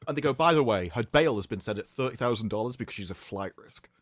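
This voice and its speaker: Animated man in lively podcast chat. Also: medium pitch, quick pace, no room sound, clean studio sound. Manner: animated, incredulous retelling. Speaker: podcast guest. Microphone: own microphone.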